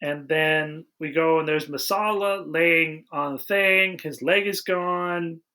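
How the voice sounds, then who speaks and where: A man hosting a relaxed movie-review chat, walking through the plot with dry, wry jokes. His voice sits a little high and sounds bright. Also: takes it slowly. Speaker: podcast host.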